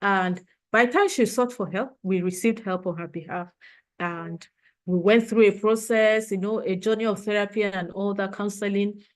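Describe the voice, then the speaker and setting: A woman's voice: mid-range voice, steady tone, moderate pace. A woman trainer giving a motivational leadership talk, earnest and emotional, repeating her points for emphasis.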